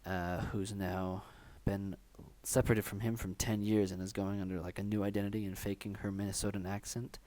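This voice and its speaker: A man's voice: lowish voice, flat delivery, brisk, few pauses, dark tone. A man co-hosting a film podcast, talking in a loose, rambling way with many fillers. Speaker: podcast co-host. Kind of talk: casual chat.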